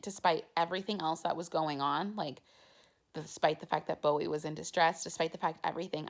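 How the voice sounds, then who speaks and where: With a fairly low, gravelly voice, a young woman vlogger chats through a personal story. She talks casually and leans heavily on "like" as filler.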